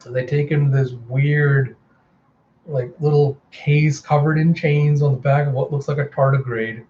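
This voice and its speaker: Chatty man reviewing a comic, mellow, slightly dull home recording with a fan humming behind. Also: on the high side, measured pace, slight background noise. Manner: chatty, animated retelling. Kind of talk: casual readthrough narration. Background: fan running.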